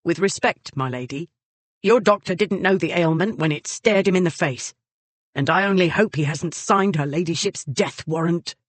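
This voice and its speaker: A narrator voicing a fierce, loyal lady's maid who speaks bluntly and briskly in a storybook reading. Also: on the low side, no room sound, lightly acted. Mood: firm.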